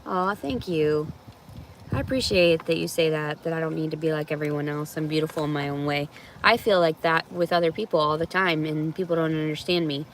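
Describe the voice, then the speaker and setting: A woman's voice: sits low, steady tone, fast talker, slight background noise. A woman chatting candidly outdoors in a park, often laughing and swearing freely as she reacts to messages. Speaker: reality show subject reacting to viewer messages. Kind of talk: casual chat.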